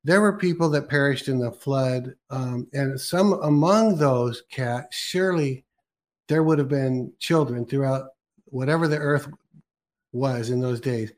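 A man's voice: medium pitch, unhurried. A man in his sixties co-hosting a Christian talk show, musing aloud and often restarting his sentences. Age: 60s. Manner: musing, with many restarts and fillers. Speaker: co-host.

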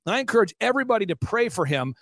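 A man telling an excited testimony as an interview guest, fast and intense, acting out quotes as he goes. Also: high-pitched, no echo, studio quality.

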